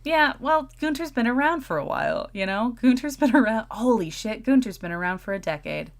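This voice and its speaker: A woman's voice: fairly high pitch, expressive, brisk. A woman co-hosting a podcast, chatting playfully and laughing often. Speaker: podcast co-host. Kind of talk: casual chat.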